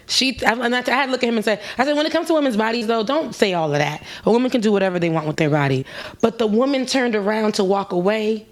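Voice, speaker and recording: A woman co-hosting a casual chat, telling a lively story and mimicking the people in it. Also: fast talker. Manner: animated, mimics people with raised pitch. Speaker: co-host.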